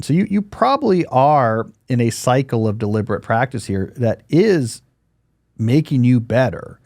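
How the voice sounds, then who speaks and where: A man's voice: medium pitch, lively intonation, normal speed, darkish tone, no room sound. A man in his forties hosting a podcast in casual chat, talking loosely with fillers, dry jokes and restarts, giving listener advice. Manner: chatty, dry joking, many fillers and restarts. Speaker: podcast host.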